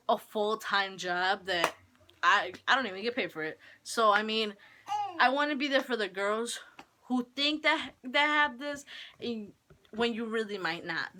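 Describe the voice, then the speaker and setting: A woman's voice: a little high, sharp tone, a little hiss or hum. A teenage girl talking casually to the camera at home about being a young mom, rambling with lots of "like" fillers. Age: teens. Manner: chatty, rambling with many "like" fillers. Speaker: vlogger. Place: home, holding her baby.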